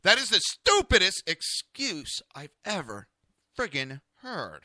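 A man's voice: high-pitched, wildly swooping pitch, slow, pushed and bright, no echo, clean studio sound. A man with a New Jersey accent hosting a talk radio show, ranting bluntly and cursing freely. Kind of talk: opinionated talk radio rant.

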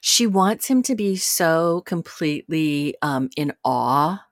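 Woman co-host, low voice, chatty recap style, dry close mic. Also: slow, dry recording. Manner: chatty, animated retelling with quoted voices. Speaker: podcast co-host. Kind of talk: casual chat about a reality show.

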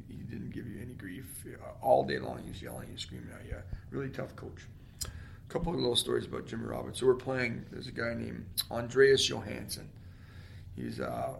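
Brief: forties Canadian man, a guest spinning lively stories, rough and edgy in tone. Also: medium pitch, slight background noise. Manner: animated storyteller, shouts out quoted lines. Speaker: guest, former pro hockey player. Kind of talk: storytelling interview.

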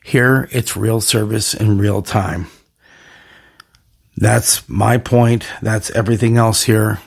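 Guy doing a solo podcast intro, gravelly voice, rambly and pumped up, stacks slogans. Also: on the low side, fairly even intonation, slow. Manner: rambling, hyped slogan-heavy delivery. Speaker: podcast host.

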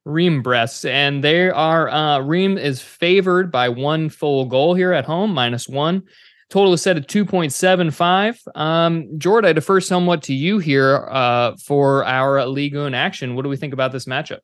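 A man's voice: on the high side, moderate pace, fairly bright tone, no room sound, studio quality. A man from the United States co-hosting a betting podcast in casual, easygoing chat with many fillers. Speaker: podcast co-host.

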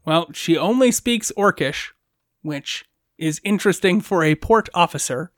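A woman's voice: fairly low pitch, lively intonation, measured pace, no echo, clean studio sound. A woman running a tabletop role-playing game as game master, playful and often laughing.

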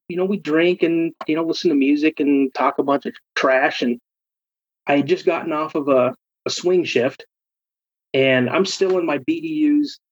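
A man's voice: a little high, breathy edge. A young man telling a personal ghost story in a casual way, acting out his friends' voices. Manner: animated, acts out quoted friends. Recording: dull lo-fi recording.

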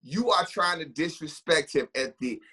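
High, bright, husky-voiced man ranting. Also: lively intonation, moderate pace. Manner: emphatic, opinionated, storytelling. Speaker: podcast co-host. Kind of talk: casual podcast chat.

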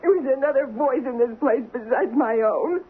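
A high-voiced lonely crook's wife in an old radio play, tinny. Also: female voice, normal speed, husky. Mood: bitter. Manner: pleading and bitter. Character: lonely, browbeaten gangster's woman, desperate. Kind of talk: 1970s radio drama acting.

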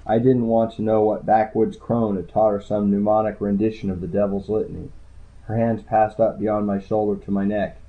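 A man's voice: on the low side, level tone, moderate pace. A man narrating a first-person story in a dry, wry way. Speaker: audiobook narrator. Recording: tinny phone-like sound.

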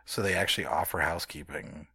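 A man with a very low voice chats casually, stumbling through ums and restarts. He teases his co-host in an easy way. The sound is dry and close. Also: fast, vocal fry, bright, forceful tone, breathy edge, no echo. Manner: hesitant, lots of ums and restarts, teasing. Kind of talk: casual chat.

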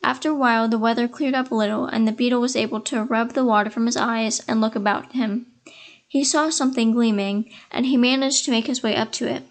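A woman telling a fairy tale in a measured, expressive storytelling voice. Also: on the high side. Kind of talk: scripted fairy-tale narration.

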